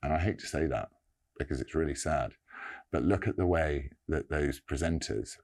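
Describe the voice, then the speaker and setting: A man giving an earnest personal statement, halting and pausing often. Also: a bass voice, darkish tone. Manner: halting, earnest, many pauses and restarts.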